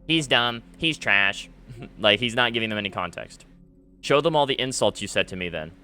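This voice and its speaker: Bright, clear-voiced ranting man. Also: fairly low pitch, animated, a little fast, soft background music. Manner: aggrieved, ranting, many fillers. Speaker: gaming YouTuber. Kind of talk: commentary to camera. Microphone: face cam setup.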